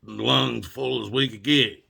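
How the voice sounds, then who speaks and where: Brief: plainspoken Appalachian man spinning a yarn, drawled and unhurried, crisp bright edge. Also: mid-range voice, steady tone. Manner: drawling, plainspoken, cusses casually. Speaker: storyteller. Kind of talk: folksy storytelling monologue.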